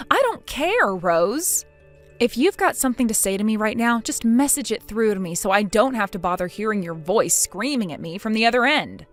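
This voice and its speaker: A synthetic woman's voice playing a spiteful, bossy older mother-in-law in a text-chat story, scolding with contempt and a lively pitch. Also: moderate pace, soft background music, natural voice. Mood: demanding.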